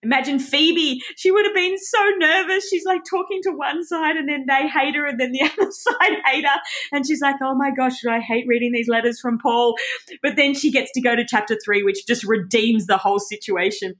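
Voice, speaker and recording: Passionate, fairly high-voiced woman teaching scripture. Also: a little fast, a bit bright. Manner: passionate, conversational, rambling with restarts. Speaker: Bible teacher. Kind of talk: informal Bible teaching.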